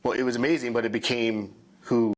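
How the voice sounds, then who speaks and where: A man hosts a casual podcast interview and talks quickly as he prompts his guest. He pushes for deeper answers and swears in passing. His voice is at a middle pitch. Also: level tone. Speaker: podcast host.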